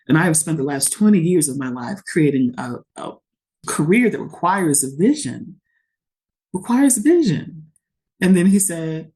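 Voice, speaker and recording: A woman's voice: deep voice, moderate pace. A woman, a podcast guest telling a personal story candidly and expressively, acting out what others said. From Shreveport, Louisiana. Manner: candid and expressive, quotes others in lively voices.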